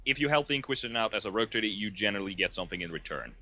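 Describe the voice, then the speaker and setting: A man playing a tabletop role-playing game, talking quickly and jokingly. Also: fairly low pitch, animated, pushed and bright. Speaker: player. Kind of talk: casual tabletop chat. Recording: dull lo-fi sound with faint noise.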